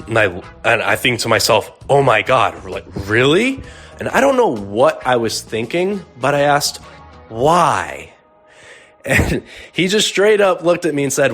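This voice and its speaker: A young man from Arizona telling a personal story in a relaxed, conversational way with lots of fillers. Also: medium pitch, unhurried, faint music behind. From Arizona, USA. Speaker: storyteller guest. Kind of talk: casual storytelling.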